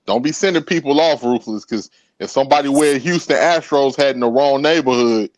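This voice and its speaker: A man's voice: mid-range voice, fairly quick, no echo. Laid-back man host on a dull dry mic. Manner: laid-back, laughs easily, hesitant with fillers. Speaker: podcast host. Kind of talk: casual podcast conversation.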